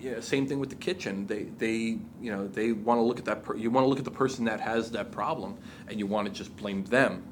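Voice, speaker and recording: A man in casual chat, telling stories in an animated way and swearing freely. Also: fairly low pitch, fairly quick, hardly any pauses, noisy background.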